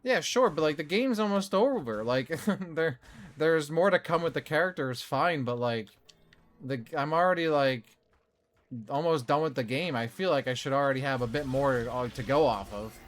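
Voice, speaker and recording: A man's voice: on the high side, expressive, normal speed. A man streaming a video game, chatting, laughing and critiquing it casually. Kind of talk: casual let's play commentary.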